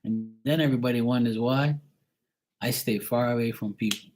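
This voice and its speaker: A man's voice: mid-range voice, steady tone, moderate pace, darkish tone, soft background music. A man in a rambling personal rant, swearing often and repeating himself heatedly. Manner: profane, heated and repetitive. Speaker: vlogger.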